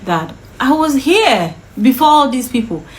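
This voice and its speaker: High-pitched woman vlogger, indignant and emphatic, recounting a story straight to camera. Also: very animated, unhurried, slight background noise, rough recording. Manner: indignant, emphatic retelling with repeated questions. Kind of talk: personal story told to camera.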